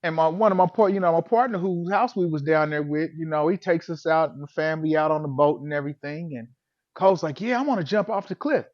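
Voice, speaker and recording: Man with a high voice telling a funny story, plays out his own reactions, dull lo-fi audio. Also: fast talker. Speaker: vlogger telling a personal story. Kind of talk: casual comedic storytelling.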